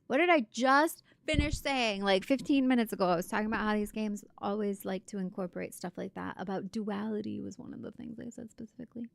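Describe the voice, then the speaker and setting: A woman's voice: medium pitch, quick pace, gravelly, hardly any pauses, no room sound. A tired woman livestreaming a game, making chatty, gushing asides between lines. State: tired after a long stream. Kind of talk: casual gaming livestream chat.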